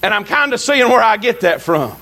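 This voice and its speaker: Preacher guy with a really high bright voice, folksy, keeps telling the church to listen. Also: very animated, a little fast. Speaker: pastor. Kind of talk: sermon. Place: church service.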